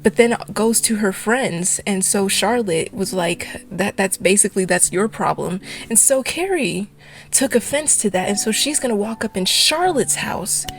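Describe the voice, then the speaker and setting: A young adult woman giving a fast, exasperated ranting commentary for a video essay. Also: medium pitch, expressive, soft background music.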